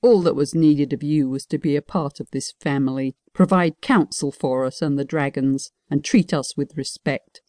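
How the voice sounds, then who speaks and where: A proud king who defends himself with measured reproach, voiced by a woman narrator. The voice is warm and mellow, in a dry close recording. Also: low-pitched, dry recording, natural voice. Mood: reproachful.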